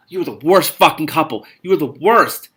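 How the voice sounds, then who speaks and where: A man's voice: animated, normal speed, a bit bright. A man reading a novel aloud with comedic commentary, sarcastic and exasperated, swearing freely and muttering the narration. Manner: reads narration in a low muttering voice. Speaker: reader and commentator.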